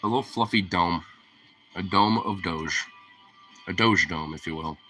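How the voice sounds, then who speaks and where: A man's voice: low-pitched, a little slow, pushed and bright, faint music behind. A man livestreaming in a casual, rambling way, swearing often and leaning on fillers, with a sniffly nose. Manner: rambling and profane, heavy on fillers. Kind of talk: casual stream chat.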